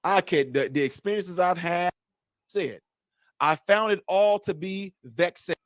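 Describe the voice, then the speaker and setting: A man's voice: high-pitched, a little slow, dry recording. A man hosting a casual livestream, talking straight to his viewers, repeating his points emphatically. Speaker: livestream host.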